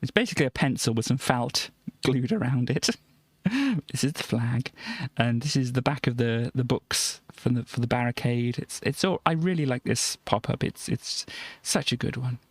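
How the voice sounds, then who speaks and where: A woman streamer with a bass voice chats casually on a live stream about her old comics, rambling, stammering and laughing often. She talks at a normal speed, and the recording has no echo.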